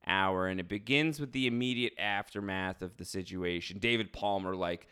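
Chatty man recapping, bright and smooth. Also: low-pitched, moderate pace. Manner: chatty, recaps with acted quotes and fillers. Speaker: podcast host. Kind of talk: casual recap chat.

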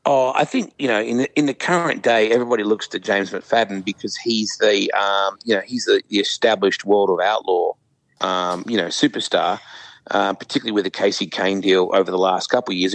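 A man's voice: fairly low pitch, gravelly, no echo, low-quality recording. An Australian man in his fifties, a guest in a casual interview, telling stories with lots of fillers. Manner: animated storyteller, frequent fillers.

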